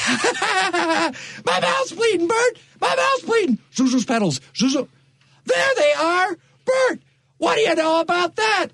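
An ecstatic small-town family man, played by a man in a radio play. He shouts and almost cries for joy, and his high voice swings wildly. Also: big pitch swings, a little slow, creaky, dry recording, clean studio sound, exaggerated voice. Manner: shouting, ecstatic, near tears. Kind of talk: amateur radio play reenactment.

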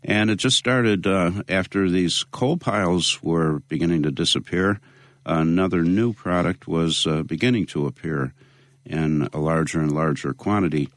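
A man being interviewed, speaking in a measured way with many pauses and fillers. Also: low voice, no room sound, studio quality. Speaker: interview guest, local activist. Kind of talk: conversational interview.

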